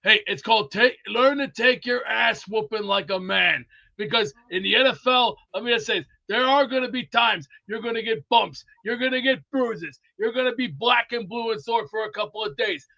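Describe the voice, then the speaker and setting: Bright, high-voiced rambling male host. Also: normal speed, creaky, hardly any pauses. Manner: rambling and boisterous, full of movie quotes. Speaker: host of a sports talk show. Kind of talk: live sports talk chat. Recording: dull lo-fi audio.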